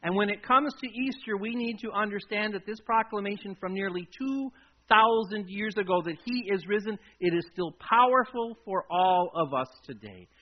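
A pastor preaches a sermon in a high, light voice at a moderate pace, telling the story dramatically as he swings from loud emphasis to hushed, intimate lines. The recording is dull and lo-fi.

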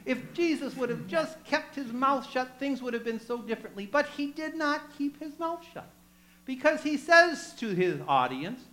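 Animated preacher telling a story. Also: sits high, moderate pace, low-quality recording. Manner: animated storytelling, chatty asides to the congregation; acts out quoted voices. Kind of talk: sermon.

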